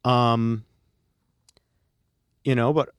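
Podcast guest, man, measured and thoughtful, dry close recording. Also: medium pitch, steady tone, clear, resonant tone, dry recording. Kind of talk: casual podcast chat.

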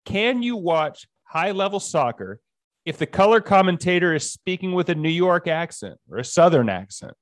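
A man's voice: high-pitched, big pitch swings, normal speed, no room sound, studio quality. A man co-hosting a sports podcast in casual, teasing banter. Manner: joking, teasing, argumentative. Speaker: podcast co-host.

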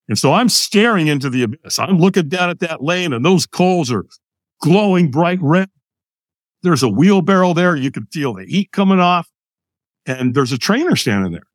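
An older American man, a podcast guest, telling a personal story in an animated way and acting out the lines of other people. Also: fairly high pitch, moderate pace, no room sound, studio quality. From United States.

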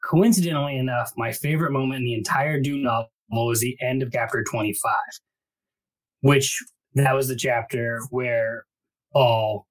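A man co-hosting a book podcast, reading passages aloud and chatting casually, recorded in a small closet. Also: fairly even intonation. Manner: reads the epigraph slowly and low, then chats playfully. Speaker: podcast co-host.

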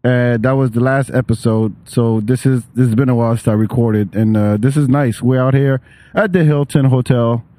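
A man's voice: medium pitch, fairly even intonation, moderate pace, warm tone. A man hosting a podcast, chatting loosely and joking, swearing freely, recorded on a hotel terrace. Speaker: podcast host. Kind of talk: casual chat.

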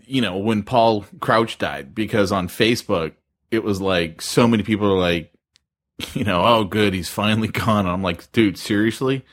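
Male podcast co-host, slightly low voice, relaxed chat.

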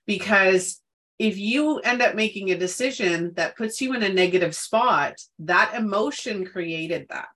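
A woman's voice: medium pitch, bright, forceful tone. A woman co-hosting a casual wellness chat, who talks emphatically and repeats words for stress. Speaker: podcast co-host.

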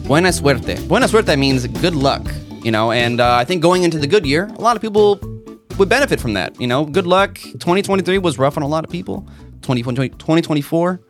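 A man's voice: on the high side, lively intonation, fairly quick, soft background music. A man co-hosting a podcast who talks in a laid-back, rambling way. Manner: laid-back, rambling, with many fillers and restarts. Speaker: podcast co-host. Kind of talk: casual chat.

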